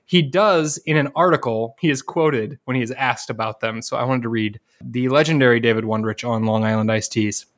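A man with a Northwest Ohio accent co-hosting a casual podcast chat, relaxed and joking, reading quotes aloud. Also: mid-range voice, brisk, few pauses. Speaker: podcast co-host.

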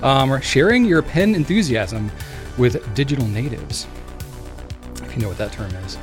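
A man's voice: mid-range voice, lively intonation, normal speed, music in the background. A man co-hosting a casual podcast, chatty and self-deprecating, laughing often. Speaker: podcast co-host. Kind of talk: casual chat.

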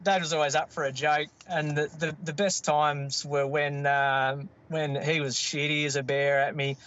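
A middle-aged Australian man spinning a yarn with plenty of restarts and ums, his voice sitting a touch high for a man. The sound is muffled and lo-fi. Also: level tone, normal speed, fairly bright tone. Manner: rambling, self-interrupting, laughs at his own stories. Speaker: guest. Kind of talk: casual storytelling.

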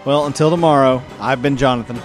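A man's voice: medium pitch, fairly even intonation, quick pace, faint music behind. A man hosting a casual podcast chat, joking around and laughing often. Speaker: podcast host.

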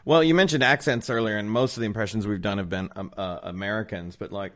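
A man's voice: lowish voice, fast talker, few pauses, a bit bright. A man guesting on a podcast, chatting with enthusiasm. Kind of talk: casual podcast chat.

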